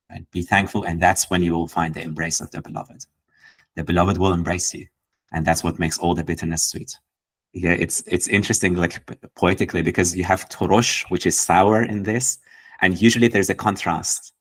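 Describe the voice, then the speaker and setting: A man hosting a gathering, explaining a poem in a gentle, searching way, often restarting his phrases. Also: deep voice, breathy edge, rough recording. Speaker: host explaining poetry. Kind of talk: reflective teaching talk.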